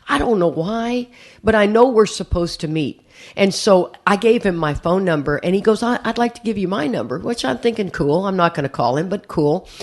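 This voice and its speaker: With a mid-range, slightly mellow voice, an older American AA speaker talks about her life at a recovery meeting. Her delivery is chatty and meandering, and she often repeats words as a sentence begins.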